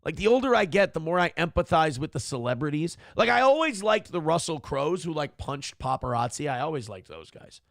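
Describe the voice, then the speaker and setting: Man in his forties, gravelly voice, lively swooping delivery, profane rambling host. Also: fairly high pitch, brisk, hardly any pauses, no room sound, clean studio sound. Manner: profane, animated storytelling. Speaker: morning show host. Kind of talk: casual rambling commentary.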